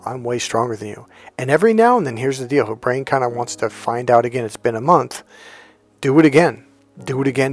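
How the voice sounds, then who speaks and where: A male dating coach tells a story in a profane, emphatic monologue, leaning on set phrases. His voice sits at an ordinary middle pitch, with faint music behind him. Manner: profane, emphatic, repeats "here's the deal".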